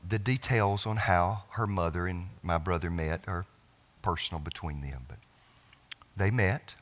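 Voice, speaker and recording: A middle-aged man, a pastor telling a personal family story in a sermon, with halting restarts and phrases that trail off softly. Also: deep voice. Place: church sanctuary.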